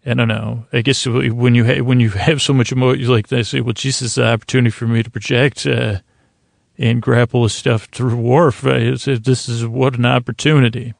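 A man hosting a sleep podcast, recapping a TV episode in a soft, meandering way with many fillers and restarts. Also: mid-range voice, flat delivery, moderate pace, vocal fry, dry recording, clean studio sound.

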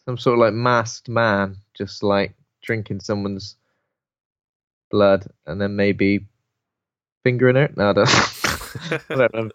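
A British man in casual chat about a film, jokey and quick with silly voices. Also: fairly low pitch, fairly bright tone, no room sound. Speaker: podcast co-host. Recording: slightly dull, dry sound.

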